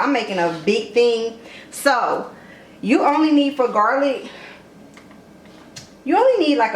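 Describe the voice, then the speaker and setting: Chatty young woman talking viewers through a home recipe, filler-heavy and relaxed, heard from across an echoey kitchen with background noise. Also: medium pitch, distant mic. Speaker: cooking vlogger. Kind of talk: casual cooking tutorial.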